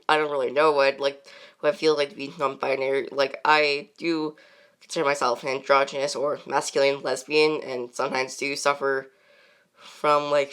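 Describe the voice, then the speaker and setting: A woman's voice: rumbling low, clean tone. A woman chatting casually and unscripted as a channel host, rambling with many fillers and frequent laughs.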